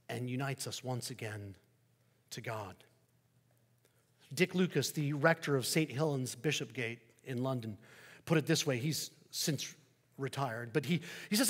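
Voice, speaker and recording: A man preaching a sermon as pastor, swinging between loud emphasis and hushed, soft endings. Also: medium pitch, a little slow, long pauses, slightly rough, long reverb tail. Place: church sanctuary.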